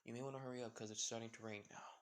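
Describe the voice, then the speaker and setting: A man voicing a gruff, protective older male biker who talks in a low, easygoing way. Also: fairly even intonation, racing, lightly acted.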